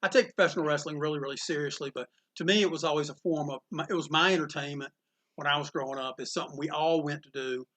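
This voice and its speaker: Man, bright tense voice, animated storyteller, acts out quotes. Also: fairly high pitch, fast. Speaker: comic shop owner. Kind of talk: casual interview storytelling.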